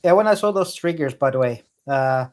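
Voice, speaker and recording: A man's voice: medium pitch, expressive, a little fast. A man co-hosting a casual chat, joking playfully and then apologizing. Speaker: co-host.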